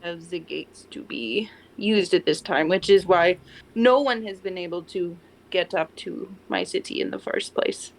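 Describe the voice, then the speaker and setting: A woman voicing a cheerful male figure with a loose attempted French accent, speaking politely and haltingly. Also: lowish voice, vocal fry, low-quality recording. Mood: hesitant. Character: chipper, happy male guardian-city figure.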